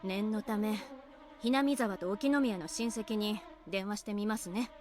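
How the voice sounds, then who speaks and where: A woman's voice: mid-range voice, quick pace, darkish tone, faint music behind, natural voice. An actress voicing a moody, irritated middle-aged mother in a visual novel, curt and scornful. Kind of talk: Japanese visual novel voice acting.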